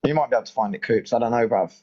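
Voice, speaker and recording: A man's voice: medium pitch, rapid-fire, warm tone, dull audio. A man from the UK with a British accent, chatting casually on a live stream, pleading and exasperated and repeating himself. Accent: British English. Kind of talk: casual livestream chat.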